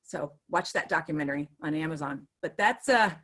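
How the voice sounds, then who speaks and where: A woman's voice: low-pitched, expressive, a little fast, fairly bright tone, husky. A woman in her fifties, a longtime teacher, telling a story in a chatty, hyper way with many restarts, speaking over a video call with earbuds. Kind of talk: casual storytelling on a webinar.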